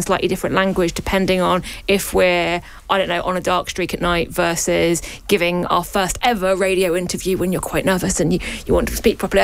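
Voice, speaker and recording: A woman's voice: on the low side, creaky. Thoughtful woman from North London. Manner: thoughtful, earnest, stammering starts. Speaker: panel guest. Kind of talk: studio panel discussion.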